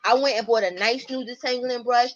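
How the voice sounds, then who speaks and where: A woman, host of a casual livestream, telling stories to her viewers at home in a blunt, profane, animated way. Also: on the high side, a little fast. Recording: muffled lo-fi stream audio.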